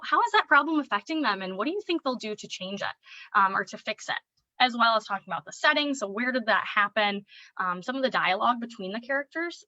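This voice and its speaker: A young adult woman, a speech-language pathologist, gives a relaxed lesson for parents on early reading. She talks through ideas with plenty of "um"s and turns lively and singsong when she reads from a children's book. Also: medium pitch, no room sound, lo-fi sound.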